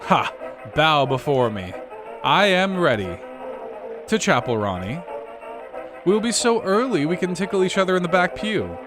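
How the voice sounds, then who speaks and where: A man reading as a bossy, cheerful teenage schoolgirl from a story game. she barks out orders in a bold, playful way, her voice lively and bouncing around a lot. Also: fairly high pitch, unhurried, pauses often, music in the background, voice pushed up.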